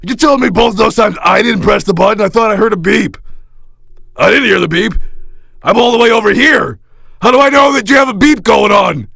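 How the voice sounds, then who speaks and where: A man voicing a whiny, demanding male fan in a cartoon, who talks in a bratty, pleading and shouty way. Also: on the high side, animated, moderate pace, gravelly, pauses often, breathy edge, no room sound, full character voice. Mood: indignant. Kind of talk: cartoon voice acting.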